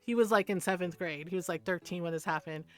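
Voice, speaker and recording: A woman's voice: lowish voice, fast talker, soft background music. A middle-aged woman streaming a game who tells stories casually, laughing often and checking in with "right?". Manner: chatty, laughs often, keeps saying "right?". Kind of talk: casual storytelling while playing.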